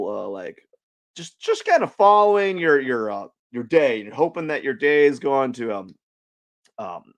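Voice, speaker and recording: A man hosting his art livestream, chatting in a goofy, rambling way with bursts of playful shouting. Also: on the high side. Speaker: livestream artist host. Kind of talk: casual drawing livestream chat.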